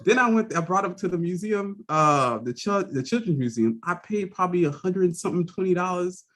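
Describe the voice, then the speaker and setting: A man co-hosting a casual podcast conversation. He tells stories with lots of energy and laughs often as he goes. He drops into quick impressions of the people in his stories. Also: sits high. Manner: animated storyteller who acts out quoted voices; laughs often mid-sentence. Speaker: podcast host. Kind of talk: casual chat.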